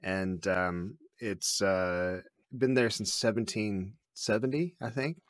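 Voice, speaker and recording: A man's voice: fairly low pitch, takes it slowly. A man, a podcast guest, telling wry, self-mocking stories in casual chat. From Canada.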